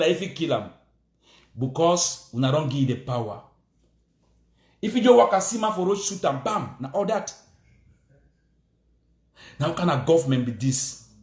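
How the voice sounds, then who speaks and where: A man's voice: sits high, echoey room. A man with a Cameroonian Pidgin English accent, delivering a heated, repetitive political rant, scolding and insistent.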